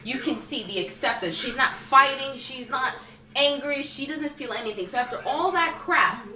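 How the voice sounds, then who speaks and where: This vlogger's voice sits high and moves at a moderate pace as she casually discusses a film, animatedly voicing characters' lines along the way. The audio has roomy echo from a distant mic, plus faint music.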